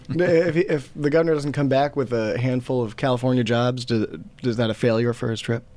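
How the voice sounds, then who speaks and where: A man's voice: medium pitch, steady tone, normal speed, a little mellow. A man hosting a casual political podcast, asking questions and steering the talk. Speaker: podcast host.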